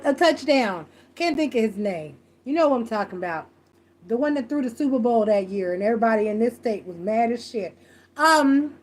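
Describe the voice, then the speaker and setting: A woman doing a live tarot reading, blunt, profane and rambling, stressing her points again and again. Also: high-pitched. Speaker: tarot reader.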